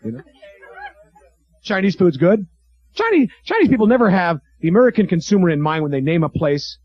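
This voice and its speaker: Male stand-up comic, animated delivery with jumpy pitch, early-80s club recording that sounds dull. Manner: animated, does quick character voices and crowd work. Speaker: stand-up comedian. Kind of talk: stand-up routine. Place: comedy club stage with live audience. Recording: dull lo-fi 1980s club tape.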